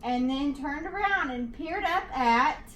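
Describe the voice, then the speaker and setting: Teacher reading aloud: woman, slow and rhythmic, heard from a distant mic. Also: high-pitched, expressive, a bit bright, slight background noise. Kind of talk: reading a picture book aloud to a class. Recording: echoey room, distant mic.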